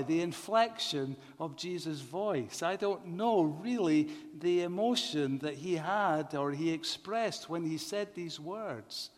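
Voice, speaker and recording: A man preaching a sermon in a measured way, often asking the congregation rhetorical questions. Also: fairly high pitch. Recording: long reverb of a large hall.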